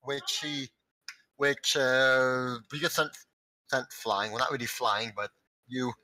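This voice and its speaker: A man narrating a tabletop game as game master, halting with many restarts and chuckles. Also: mid-range voice, steady tone, pushed and bright, dry recording, poor audio.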